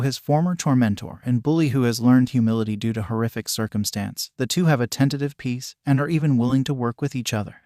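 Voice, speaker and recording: A man with a mid-pitched voice narrates a piece of fan fiction in an even, steady way. He barely shifts his voice between characters, and the recording is close and dry with no room sound. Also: no echo. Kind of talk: reading fan fiction aloud.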